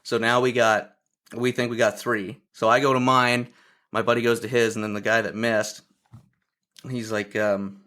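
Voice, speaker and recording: A man's voice: mid-range voice, normal speed. A man from Ontario, a podcast guest, telling a hunting story in casual chat over a video call and acting out the lines of the people in it. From Ontario, Canada. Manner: lively storyteller who acts out other people's quotes.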